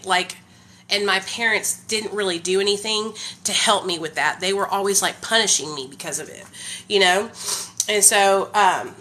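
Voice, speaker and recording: Hyped, bright-voiced woman chatting live. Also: medium pitch. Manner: hyped, energetic talker; heavy use of "like" and "y'all". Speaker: live streamer. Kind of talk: casual live stream chat.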